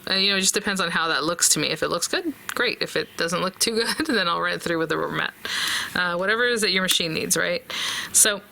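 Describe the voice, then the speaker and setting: A woman hosts a casual crafting tutorial from a close desk mic, chatty and thinking aloud to her viewers. Her voice is bright and forceful, set a little low. A faint hiss runs under the recording. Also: fast talker, gravelly. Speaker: papercraft tutorial host.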